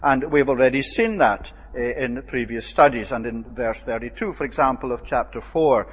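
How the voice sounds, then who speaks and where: A man preaching a measured expository Bible sermon, pausing often with "uh" as he explains a passage. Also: medium pitch, slightly rough. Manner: measured, with frequent "uh" pauses. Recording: long reverb of a hall.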